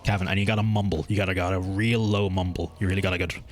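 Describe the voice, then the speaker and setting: A man's voice: low voice, flat delivery, very fast. Rambling Irish man, mild accent. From Ireland. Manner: rambling, chatty, swears freely, stumbles over words. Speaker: game streamer. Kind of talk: casual live-stream chat while gaming.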